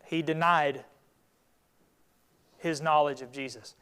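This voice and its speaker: Man, Bible class teacher, conversational retelling, fairly high pitch. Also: steady tone, takes it slowly, pushed and bright, clean tone. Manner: retells scripture with acted quotes, conversational.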